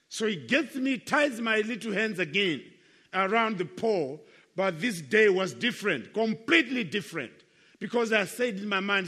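A man's voice: high voice, animated, measured pace, sharp tone, slightly rough. Earnest older man preaching in an echoey hall. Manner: earnest, emphatic, repeats key phrases. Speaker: Christian speaker giving his life testimony. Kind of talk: testimony sermon to young people.

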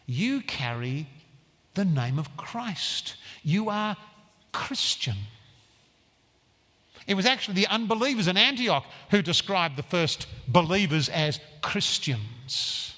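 A man preaching a sermon in a church, earnest and emphatic, stressing phrases slowly. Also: sits high, sing-song, sharp tone, big-room sound.

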